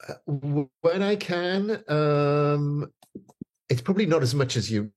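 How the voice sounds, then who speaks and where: A man's voice: on the high side, slow pace. Rambling older man from England. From northeast England. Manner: rambling, hesitant, lots of fillers and restarts. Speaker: guest. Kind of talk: casual storytelling chat.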